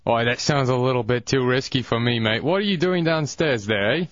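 A man's voice: mid-range voice, fairly quick, fairly bright tone, dry recording, highs cut off, natural voice. A man doing a put-on British accent as a stranger being approached on campus. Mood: mock-prim.

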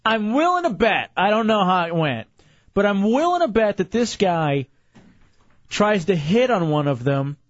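A man co-hosting a podcast, telling news stories in animated casual chat. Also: high voice, measured pace, no room sound, highs cut off. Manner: animated storytelling, reads news bits with commentary. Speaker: podcast co-host.

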